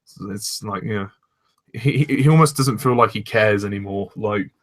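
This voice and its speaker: A young man chatting casually as a fan reviewer, relaxed and agreeable, steering the conversation. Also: fairly low pitch, moderate pace. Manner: relaxed, agreeable, leads the discussion. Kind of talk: casual chat.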